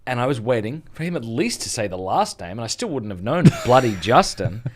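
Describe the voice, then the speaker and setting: Lively Australian man telling stories. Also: medium pitch, fairly quick. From South Australia. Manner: animated storyteller, mimics voices in anecdotes. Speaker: podcast host. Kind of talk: casual conversation.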